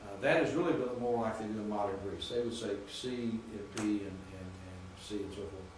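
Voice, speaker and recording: Male professor, methodical lecture delivery, distant mic in a reverberant classroom. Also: lowish voice. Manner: patient, methodical, repeats pronunciations slowly. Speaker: Greek professor. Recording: echoey classroom from far off with faint noise.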